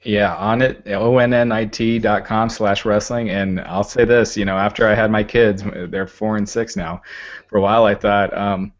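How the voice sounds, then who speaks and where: A man in his thirties co-hosting a podcast, talking casually and haltingly with lots of fillers. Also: fairly low pitch, little pitch movement, highs cut off. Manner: halting, full of fillers and "you know". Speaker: podcast co-host.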